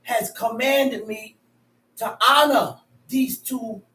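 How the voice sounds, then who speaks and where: A man preaching on justice, loud and emphatic, often repeating words as he drives his point home. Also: very high voice, steady tone, slow pace. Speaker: teacher. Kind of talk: street preaching. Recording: echoey, distant mic.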